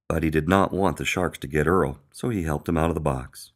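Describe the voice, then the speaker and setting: A man reading a children's picture book aloud in an expressive storytelling manner. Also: extremely low pitch, a little fast, few pauses. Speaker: storybook reader.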